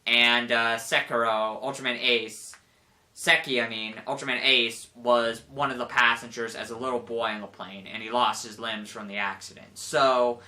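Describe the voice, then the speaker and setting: A young man giving a casual spoken review, rambling with lots of "like" and animated retellings. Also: mid-range voice, moderate pace. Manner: rambling, full of "like", animated quoting with laughs.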